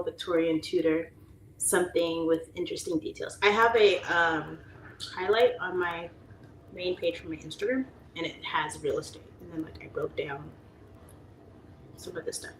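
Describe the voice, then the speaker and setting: Chatty woman in an echoey room. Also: lowish voice. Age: 30s. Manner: chatty, laughs often, whispers asides. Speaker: livestream host. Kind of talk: casual chat reading viewer comments. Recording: echoey room with faint ambient noise.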